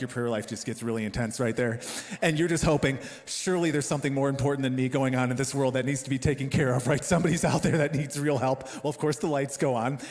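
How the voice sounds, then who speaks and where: A man in his thirties preaching a sermon as a pastor, telling a personal story in an animated, self-deprecating way. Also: medium pitch. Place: church auditorium. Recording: long hall reverb.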